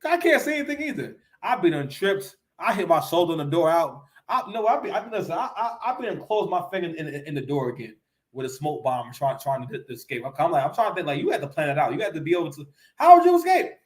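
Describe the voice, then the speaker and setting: A man's voice: on the high side, big pitch swings, fast. A man vlogging a casual reaction to a clip, joking and rambling with lots of stammered restarts.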